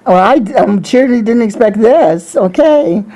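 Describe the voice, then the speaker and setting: A woman's voice: a little high, expressive, normal speed, dark tone, poor audio. A woman prophetess giving emotional testimony to a congregation, rambling and effusive, with many restarts.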